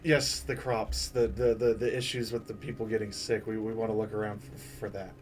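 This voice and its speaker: A man playing his character in a tabletop game, speaking hesitantly with many pauses. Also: on the low side, level tone, a little hiss or hum. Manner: hesitant, fumbling. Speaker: player. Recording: distant mic with faint music.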